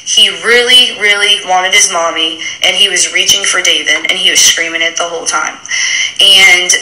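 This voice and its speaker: A woman on a phone live stream, retelling a backstage clash to her followers in a rapid, animated way and mimicking the people involved. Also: fairly low pitch, echoey room, poor audio. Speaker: reality TV personality speaking to followers. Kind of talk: casual storytelling on a live stream.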